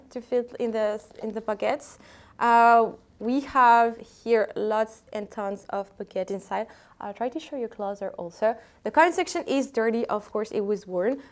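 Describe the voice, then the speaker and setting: A woman from France with a French accent, casually showing secondhand bags in a vlog and talking with hesitant, chatty restarts. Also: fairly high pitch. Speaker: vlogger selling secondhand luxury bags. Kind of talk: casual product showcase.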